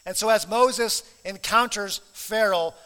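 Earnest high-voiced preacher in a reverberant hall. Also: male voice, unhurried, bright, forceful tone, smooth. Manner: earnest, emphatic, repeats key phrases. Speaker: pastor. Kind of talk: sermon.

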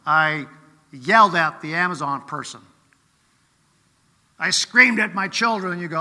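A man's voice: sits high, unhurried, pauses often, sharp tone, big-room sound. A man preaching a sermon in a conversational way, often checking in with rhetorical questions.

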